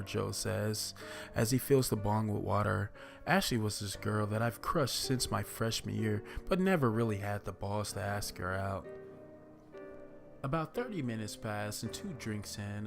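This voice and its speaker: Gravelly low-voiced male horror narrator. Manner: relaxed, profane, conversational. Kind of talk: casual first-person story reading.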